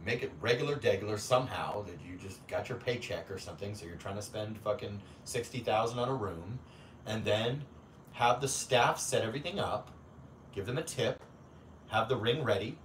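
A man's voice: lowish voice, normal speed, far from the mic. Young male streamer, crude and playful, recorded off-mic in an echoey room. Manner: profane, teasing, jokey banter with frequent laughter. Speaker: livestream host. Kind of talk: casual livestream chat reading viewer comments. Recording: roomy echo, off-mic, faint background hum.

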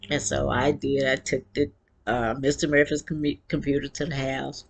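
A woman's voice: a bass voice, level tone, moderate pace, vocal fry. A woman in her sixties telling her own life story in a frank, earthy, conversational way. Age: 60s. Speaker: vlogger and author. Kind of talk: casual personal storytelling.

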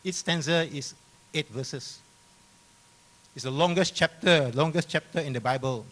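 A man preaching in a church, his voice sitting a little higher than most men's. He reads scripture aloud with rising force, then sinks lower and quieter to explain and repeat the point. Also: moderate pace. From Malaysia. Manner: preaching with loud, rising emphasis when reading scripture, dropping low when explaining. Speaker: pastor. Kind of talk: sermon.

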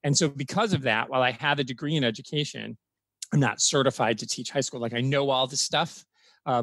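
A man's voice: mid-range voice, a bit bright, no echo. Man in his forties, college professor, casual blunt storytelling, dry close sound. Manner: frank storytelling, swears casually. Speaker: college professor, podcast guest. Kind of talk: casual podcast chat.

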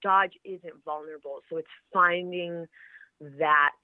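A woman, an actress being interviewed, chatting in a lively way and laughing often. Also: on the low side, takes it slowly, dry recording. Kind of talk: casual interview chat. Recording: tinny phone-like line, dry.

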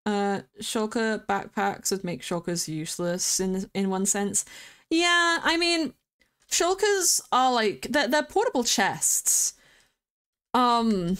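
A woman streamer giving casual gameplay commentary, chatty and quick to get excited, squealing at the animals she meets. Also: medium pitch.

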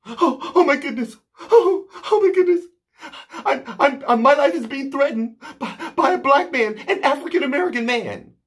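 A man mimicking a hysterical woman making a fake panicked phone call, in a shrill, breathless, melodramatic voice. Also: expressive, normal speed.

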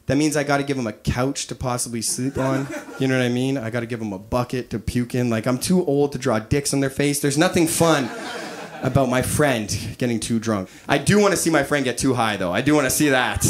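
A man in his thirties doing a stand-up comedy set, animated, acting out quoted voices and laughing at his own jokes. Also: medium pitch, fairly quick. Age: 30s. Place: live comedy venue with audience. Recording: live stage recording with audience noise.

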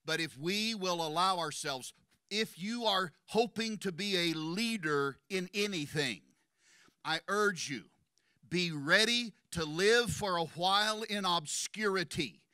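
Impassioned preacher, high bright voice. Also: male voice, clear, resonant tone, no echo, clean studio sound. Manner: impassioned, rising to shouts at climaxes; rapid bursts of speech between slower emphatic phrases. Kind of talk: sermon. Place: church sanctuary.

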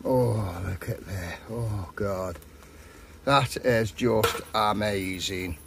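Slow, chatty man. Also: lowish voice, gravelly, background noise. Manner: chatty, matey, rambling. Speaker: vlogger. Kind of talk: casual chat while cooking. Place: campsite, outdoors.

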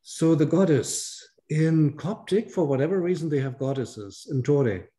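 A man's voice: on the high side, expressive, unhurried, mellow. A man leading a reading group discussion, thinking aloud and often correcting himself.

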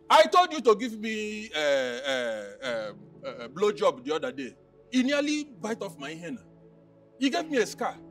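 An actor with a Nigerian accent playing a boastful, philandering husband known as Chief, mocking and blustering. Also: male voice, high-pitched, a bit bright, full character voice. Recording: distant mic with faint film music.

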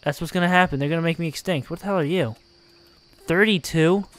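A man with a slightly high voice gives excitable gameplay commentary. He shifts quickly between amused laughter and loud exasperation. Soft music plays faintly behind him. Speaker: let's play host.

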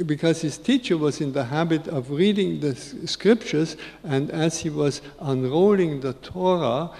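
A man in his eighties gives an unhurried, reflective spiritual talk to an audience, repeating key phrases for emphasis. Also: fairly high pitch, darkish tone. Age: 80s. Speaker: spiritual speaker. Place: large conference hall. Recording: long reverb of a big hall.

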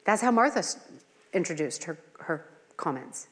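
A woman's voice: lowish voice, very animated, normal speed. A middle-aged woman leading a women's Bible study in a conversational teaching style, earnest and full of personal asides and rhetorical questions. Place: church hall. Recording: long hall reverb.

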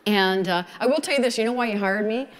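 A woman in her sixties with a Southern American accent, telling her story at a photography conference in a folksy, animated way. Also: medium pitch, fast talker, big-room sound. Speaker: photography speaker. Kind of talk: conference talk.

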